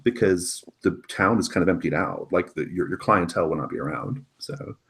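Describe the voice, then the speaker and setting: A man with a low voice acts as game master in a casual tabletop session. He talks loosely, full of fillers, and laughs often. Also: lively intonation, brisk, gravelly, fairly bright tone.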